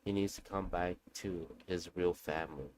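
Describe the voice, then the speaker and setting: A man quoting a female village shaman in his own low voice, telling what must be done in a blunt, instructive way. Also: fairly even intonation, normal speed, darkish tone, lightly acted. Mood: instructing.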